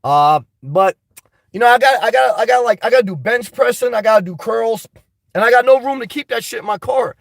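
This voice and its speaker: A boisterous man talks straight into a close mic on his live stream, reading comments out and answering them bluntly with plenty of swearing. His voice sits high for a man and sounds a touch congested, and the sound is dry with no room echo. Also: lively intonation, a little fast, gravelly. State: slightly congested. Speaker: vlogger reading live chat. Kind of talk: casual live-stream chat.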